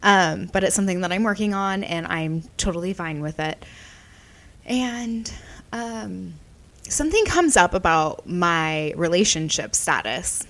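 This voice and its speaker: A young woman podcast host telling a story in a casual, chatty way, constantly saying "like" and acting out quotes. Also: fairly low pitch. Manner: chatty, animated, heavy use of "like", quoting herself and others.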